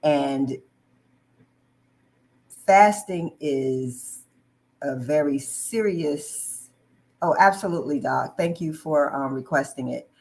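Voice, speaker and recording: A woman's voice: low voice, slow, long pauses, a little mellow, low-quality recording. A woman hosting a live online talk show, friendly and full of "um"s, greeting viewers as she talks. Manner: friendly, filler-heavy, greets viewers mid-sentence. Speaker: host.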